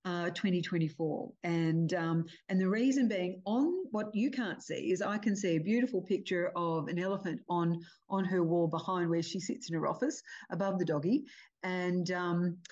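An older woman hosting a podcast, telling a family story in a lively, chatty way over a video call. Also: on the low side, moderate pace, highs cut off. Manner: animated storyteller, acts out family quotes. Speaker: podcast host. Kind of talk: casual chat.

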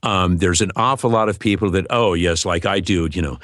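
Joking, rambling man with a low voice. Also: fairly quick, fairly bright tone, dry recording, studio quality. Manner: joking, rambling, many fillers. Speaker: voice actor guest. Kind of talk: casual interview chat.

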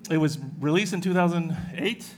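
A man's voice: fairly high pitch, a little fast, a little mellow. A man speaking on a live convention panel, a little out of breath, talking with many hesitant fillers.

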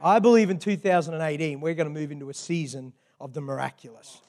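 A man's voice: on the high side, quick pace, a little mellow. A man with an Australian accent, preaching as a guest pastor and joking with the congregation. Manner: jovial, banters with the congregation. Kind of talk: sermon. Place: church hall with long reverb. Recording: echoey church hall.

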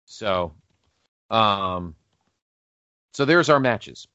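A man co-hosting a casual podcast, counting down matches in a lively, newscaster-like delivery. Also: lowish voice, drawn-out words, clear, resonant tone, no room sound. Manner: lively, breaks into a mock newscaster voice for recaps. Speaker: podcast co-host. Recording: dull lo-fi Skype call sound.

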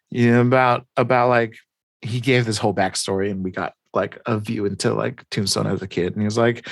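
A man's voice: on the low side, steady tone, fairly quick, creaky, no room sound. A man casually recapping a comic story, acting out the characters' lines and laughing often. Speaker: podcast host recapping comics. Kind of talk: casual chat.

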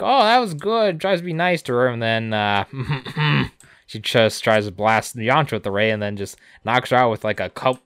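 Male co-host, low smooth voice, dry close sound, casual recap with character quotes. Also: fairly bright tone, no room sound. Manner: recaps with quick put-on quotes. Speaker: podcast co-host recapping episodes. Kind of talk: casual chat.

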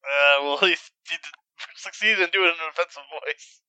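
A man's voice: a little high, normal speed, pushed and bright, clean tone, no echo. A man co-hosting a podcast in casual chat, laid-back and teasing. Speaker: podcast co-host.

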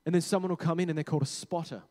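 A man preaching a sermon, talking conversationally, correcting himself and dropping to quiet low tones for emphasis. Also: steady tone, rapid-fire. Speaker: pastor. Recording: long hall reverb.

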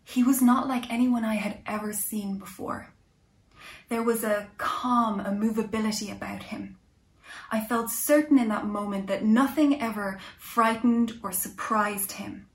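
A woman's voice: on the high side, steady tone, unhurried. Woman narrating a reflective story. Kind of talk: first-person story narration. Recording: echoey room.

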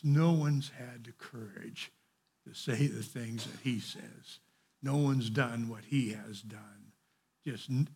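A man's voice: medium pitch, gravelly, slightly rough. A man leading an informal Bible study, reading passages aloud and adding digressive, conversational commentary.

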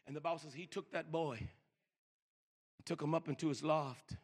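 An older man preaching a sermon, stammering and repeating words, swinging from loud emphasis to hushed slow lines. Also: fairly high pitch, fairly even intonation, breathy edge. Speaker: pastor.

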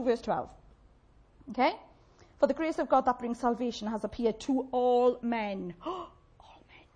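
A woman preaching a sermon, chatty and warm-humoured, often asking the congregation questions and laughing. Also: mid-range voice, slightly rough.

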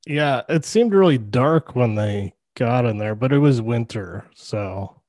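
A man's voice: medium pitch, expressive, a little slow, darkish tone, no echo, studio quality. A man co-hosting a podcast, talking casually about films in rambling sentences full of "like", with frequent laughs. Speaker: podcast co-host. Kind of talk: casual movie chat.

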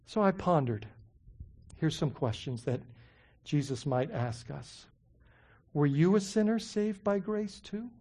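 Animated preacher full of rhetorical questions. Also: mid-range voice, slow, long pauses. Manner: animated, many rhetorical questions, conversational fillers. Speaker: pastor. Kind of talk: sermon.

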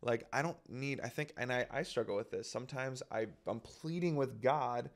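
A man's voice: mid-range voice, normal speed. A reflective man talking casually about his own prayer life. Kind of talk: casual faith discussion.

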